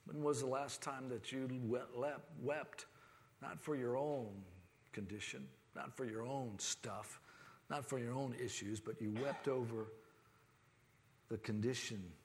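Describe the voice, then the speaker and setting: A man preaching a sermon as pastor, swinging between fervent rising passages and quiet, grave reflection. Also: medium pitch, steady tone, unhurried, long reverb tail, slight background noise. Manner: preaching with rising, impassioned delivery.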